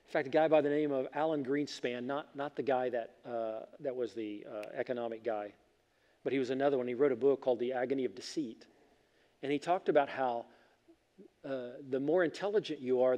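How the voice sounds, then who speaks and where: A man preaching a sermon as pastor, telling the story in an animated way and building emphasis as he goes. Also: on the high side, big-room sound.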